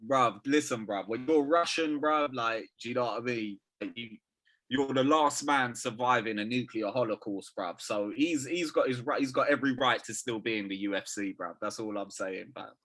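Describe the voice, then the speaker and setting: A man's voice: medium pitch, moderate pace, a bit bright. Slangy man on a podcast. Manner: slangy, says "bruv" constantly, laughs often. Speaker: podcast co-host. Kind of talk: casual chat.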